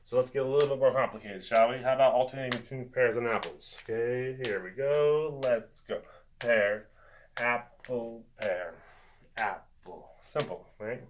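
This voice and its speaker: A man's voice: medium pitch, fairly quick, hardly any pauses. Man chanting fruit rhythms in a lesson. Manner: chants fruit words to rhythms, chatty asides. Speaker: music teacher. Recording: noisy home recording.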